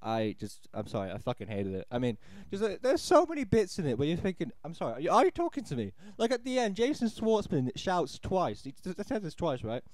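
Exasperated man ranting, lively pitch. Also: brisk, no room sound. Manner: exasperated, sarcastic, rambling with restarts. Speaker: amateur film reviewer. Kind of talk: ranting audio film review.

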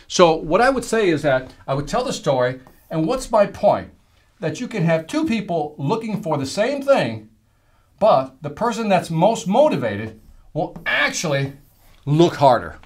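A man coaching salespeople on storytelling in an energetic, emphatic way. His pitch swings widely as he stresses points, and his voice sits a little above the usual for a man. He acts out the quotes he would use on stage. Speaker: sales trainer. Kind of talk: teaching a sales lesson to camera.

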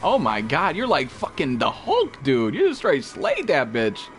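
A young man streaming a survival game live, excitable and profane, yelping and shouting at enemies as he plays. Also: mid-range voice, unhurried. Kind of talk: live gaming commentary. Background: game music.

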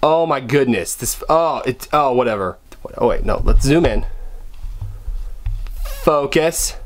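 A young man chats to camera from his room at home, rambling and joking at his own expense. He stumbles and restarts often, and his animated pitch jumps up and down as he goes. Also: moderate pace, slight background noise. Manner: rambling and self-deprecating, with frequent restarts. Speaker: vlogger. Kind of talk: casual chat to camera. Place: bedroom at home, indoors.

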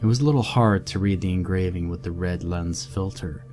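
A man narrating a horror story in a measured, steady reading. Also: low voice, faint music behind.

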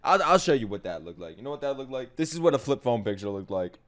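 A man hosting an anime reaction, excitable and emotional, swearing often as he talks over the show. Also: mid-range voice, fast talker. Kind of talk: live reaction commentary. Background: anime soundtrack playing.

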